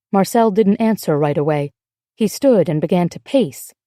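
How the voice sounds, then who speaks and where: A woman with a lowish voice narrates a novel as an audiobook in a measured, steady storytelling manner. It is scripted narration in clean studio sound with no room echo.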